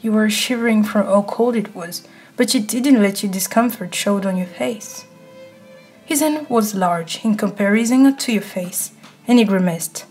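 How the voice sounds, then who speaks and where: A woman telling an intimate story straight to the listener, in a hushed, close voice, as whispered role-play. Her pitch sits in an ordinary middle register. Faint music plays softly behind her. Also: husky. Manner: hushed, intimate second-person narration. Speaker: ASMR narrator.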